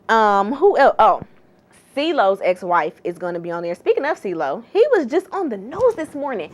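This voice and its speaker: Animated, sassy gossip-vlogging woman. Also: mid-range voice, moderate pace. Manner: chatty, sassy, slangy and exclamatory. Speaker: entertainment gossip host. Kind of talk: casual gossip vlog.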